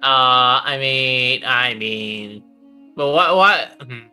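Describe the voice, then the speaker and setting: Male player, very bright tone, hesitant, questioning, casual. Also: mid-range voice, animated, drawn-out words, smooth, soft background music.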